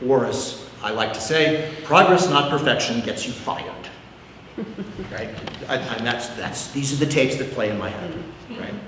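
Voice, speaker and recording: A man's voice: mid-range voice, recorded from a distance, a little hiss or hum. A man teaching a prayer class in a candid, self-deprecating way, often repeating words as he thinks. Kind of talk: informal teaching talk. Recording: echoey hall, long reverb.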